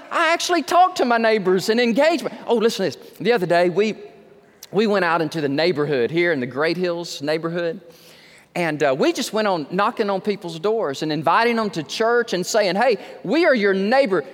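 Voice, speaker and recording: A male pastor preaching a sermon, slowing down to stress key words and acting out quoted conversations. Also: expressive. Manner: acts out quoted conversations with raised pitch. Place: church sanctuary. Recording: long hall reverb.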